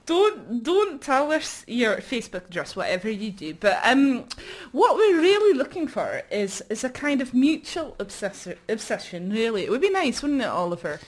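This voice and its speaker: A woman's voice: a little high, very animated, normal speed, few pauses. A woman artist performing comic, rambling chat, self-mocking and laughing often.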